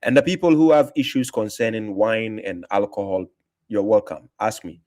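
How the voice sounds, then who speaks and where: A man with a lowish, darkish voice talks at a normal speed while hosting a casual livestream. Working through comments, he sounds combative and derisive, repeating himself to stress his points.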